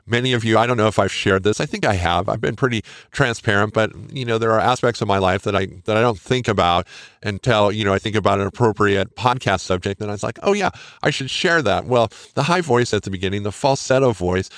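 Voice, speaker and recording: A man's voice: fairly low pitch, fast, fairly bright tone, dry recording. Dry-voiced earnest male podcast host. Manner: earnest, encouraging, conversational. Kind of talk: casual solo podcast monologue.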